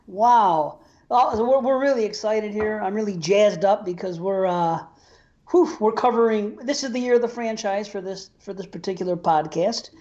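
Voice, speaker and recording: An excitable male podcast host chats loosely, laughing often and tripping over his restarts. His voice sits fairly high for a man. The audio is a little dull and lo-fi. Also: unhurried. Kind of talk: casual chat.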